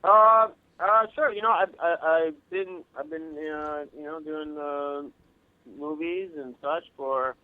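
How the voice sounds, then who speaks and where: A man from Long Island, New York, a guest actor and director, talking modestly and haltingly in a casual radio interview, stumbling over restarts. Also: on the high side, dry recording. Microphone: phone line. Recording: dry, tinny phone line.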